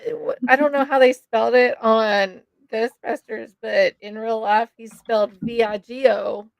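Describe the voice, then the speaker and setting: A woman co-hosting a casual podcast, joking quickly and laughing often. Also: a little high, fairly even intonation, creaky, no room sound, dull audio. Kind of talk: casual chat.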